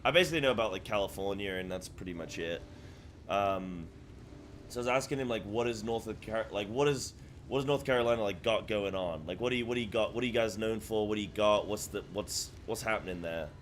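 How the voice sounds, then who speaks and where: A man with a lowish voice talks loosely during a game stream, wandering from thought to thought with many fillers and restarts. A slight hiss or hum sits under the audio.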